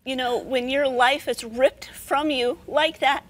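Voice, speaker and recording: A woman guest giving an earnest, emphatic faith testimony with a slightly hoarse, damaged voice. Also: high-pitched, steady tone, unhurried. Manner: earnest, emphatic, preacher-like cadences.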